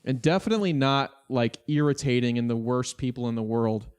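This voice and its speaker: A man's voice: medium pitch, brisk, darkish tone, clean tone. A man co-hosting a comedy podcast, joking sarcastically in casual chat. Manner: sarcastic, joking, fond of swearing. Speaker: podcast co-host.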